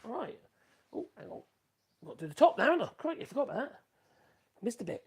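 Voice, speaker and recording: Gravelly bloke, husky, chatting away in his workshop. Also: extremely high pitch, big pitch swings, fast. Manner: rambling, chatty, muttering asides to himself. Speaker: woodworking livestream host. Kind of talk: casual chat while working.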